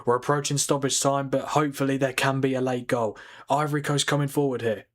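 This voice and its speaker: A man reacting live to a football match from home late at night. He talks fast and excitably, laughing and swearing as he calls the action to a friend. The sound is close and dry. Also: mid-range voice, no room sound. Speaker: watchalong host. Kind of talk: live football watchalong commentary. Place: home at night, keeping quiet.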